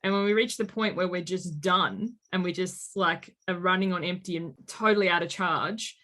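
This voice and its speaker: A woman in her late thirties, a life coach telling stories in an interview and acting out quoted speech with lively energy. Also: on the low side, moderate pace. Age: late 30s. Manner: animated storyteller, acts out quotes. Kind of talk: conversational interview.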